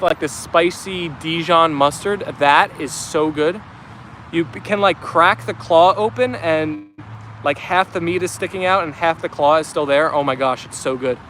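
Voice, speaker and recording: A man's voice: a little high, a bit bright, slight background noise. A young man from New Jersey with a New York Italian accent, chatting casually while reading live-stream comments aloud, upbeat and full of fillers. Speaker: vlogger reading live chat.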